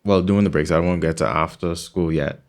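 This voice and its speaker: Deep voiced guy hosting, kinda halting questions, sounds a bit far from the mic. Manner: hesitant, rephrasing questions. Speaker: host. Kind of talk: interview questions.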